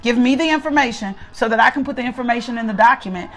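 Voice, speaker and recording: A woman's voice: fairly high pitch, racing, fairly bright tone. A middle-aged woman teaching a Bible study in a conversational sermon style, emphatic and repetitive, often asking listeners to respond.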